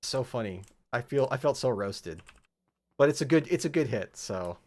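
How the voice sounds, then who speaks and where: A man's voice: mid-range voice, expressive, normal speed, darkish tone. A man streaming a video game from home, chatting casually and thinking aloud with many fillers. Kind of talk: casual gameplay chat.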